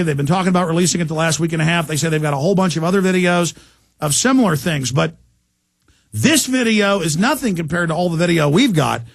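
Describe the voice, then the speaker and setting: Man, talk radio host in studio, gravelly and fairly high, intense and rambling. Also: no room sound. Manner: intense, rambling, with impressions and laughs. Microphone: studio mic.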